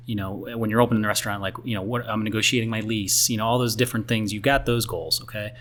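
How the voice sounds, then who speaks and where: A man hosting a restaurant industry podcast, talking in a chatty, energetic way with many fillers. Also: lowish voice, fast. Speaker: podcast host. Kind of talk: casual podcast chat.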